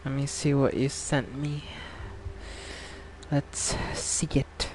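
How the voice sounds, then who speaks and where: A woman's voice: extremely low pitch, flat delivery, takes it slowly, a little mellow, slight background noise. A woman putting on a wrathful, regal female fennec fox demon, speaking in theatrical, mock-archaic threats.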